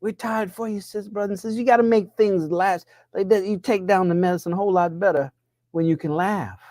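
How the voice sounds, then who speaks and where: A money coach delivers a motivational talk like a preacher, firing off rhetorical questions, his pitch swinging upward whenever he presses a point. His voice is brisk and a little mellow with fairly even intonation. The recording is dry and of studio quality.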